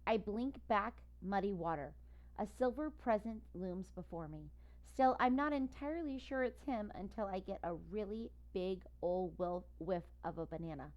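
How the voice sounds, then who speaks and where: A woman reads a children's storybook aloud in the first person. Her narration is lively and expressive, with a middle-pitched voice. She carries the story with plain warmth of delivery. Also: moderate pace, muffled recording. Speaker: audiobook reader.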